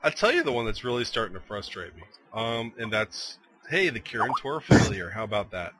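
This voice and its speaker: A man's voice: lowish voice, brisk, heavy background noise. A man co-hosting a casual gaming podcast, telling stories with lots of laughter and acted-out quotes. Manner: animated storyteller, laughs often, acts out quoted lines. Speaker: podcast co-host. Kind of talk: casual chat.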